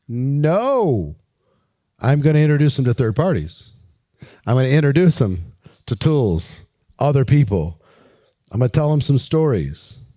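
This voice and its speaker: Man, casual coaching talk, persuasive, rhetorical questions, mellow tone, dry sound. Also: medium pitch, dry recording. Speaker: recruiting coach. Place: walking around while filming.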